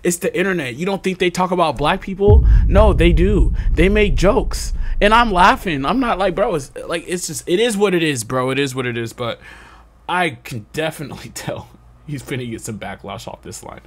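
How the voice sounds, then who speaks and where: Reaction host, male, lively and bouncy delivery, slightly high voice, laughs often. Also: normal speed, slight background noise. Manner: excitable, laughs often, animated outbursts. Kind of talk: casual reaction commentary. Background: hip hop music playing.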